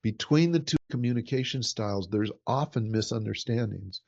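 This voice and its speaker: A man's voice: lowish voice, normal speed, vocal fry, darkish tone. Earnest man teaching, dull lo-fi sound. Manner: earnest, repeats words while building sentences. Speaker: workshop teacher. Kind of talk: teaching talk. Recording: dull lo-fi recording.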